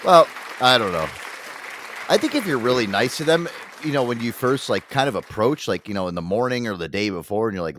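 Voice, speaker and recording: A man's voice: medium pitch, sing-song, brisk, fairly bright tone, a faint crowd. A man hosting a casual radio show, bantering with his co-hosts, laughing often and swearing freely. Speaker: radio host.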